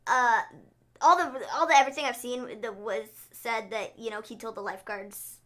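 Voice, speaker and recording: A woman co-hosting a show in casual chat, giggly and animated, often stopping and restarting her sentences. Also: on the high side, normal speed. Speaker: co-host of a wrestling recap show.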